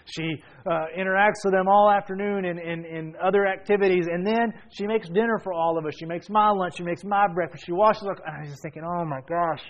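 A man preaching a sermon, telling a family story with animated energy and sudden bursts of shouting. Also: high voice, fairly quick, few pauses. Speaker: pastor. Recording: dull lo-fi sound.

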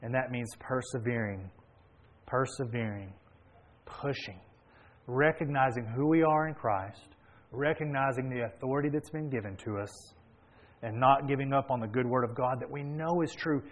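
A man preaching a sermon and retelling a story, swinging between hushed and emphatic delivery. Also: mid-range voice, normal speed, low-quality recording.

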